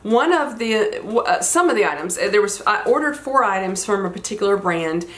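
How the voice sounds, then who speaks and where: A woman's voice: medium pitch, big pitch swings, a little fast, a bit bright. Congested woman in her forties, chatting. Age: 40s. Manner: chatty, meandering storytelling. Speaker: fashion vlogger. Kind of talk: casual chat.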